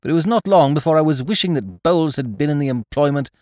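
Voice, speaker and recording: A man narrating a story in a wry, expressive reading. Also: fairly high pitch, fast, no room sound, clean studio sound. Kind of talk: scripted audiobook narration.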